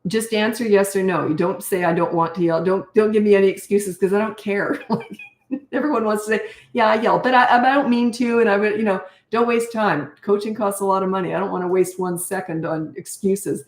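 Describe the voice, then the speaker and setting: A woman's voice: mid-range voice, fairly quick, darkish tone. Blunt older woman, roomy sound. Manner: blunt, matter-of-fact, laughs often. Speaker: parenting coach. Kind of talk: casual Q&A advice. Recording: roomy echo.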